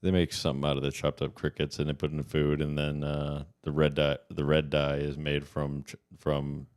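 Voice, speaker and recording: A man's voice: extremely low pitch, completely flat delivery, normal speed, a little mellow, smooth. A man co-hosting a comedy podcast, chatting casually with rambling, jokey, stop-start sentences. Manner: rambling, jokey, frequent restarts. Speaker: podcast co-host.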